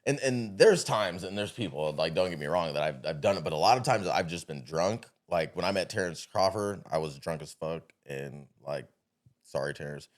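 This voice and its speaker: Low-voiced blunt, profane man. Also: expressive, normal speed. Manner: blunt and profane, rambling with restarts. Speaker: podcast guest, business owner. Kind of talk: casual conversation.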